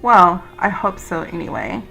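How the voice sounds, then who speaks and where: A woman reading a gentle, whimsical tea-room lady. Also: on the low side, very animated, measured pace, vocal fry, soft background music, full character voice, low-quality recording.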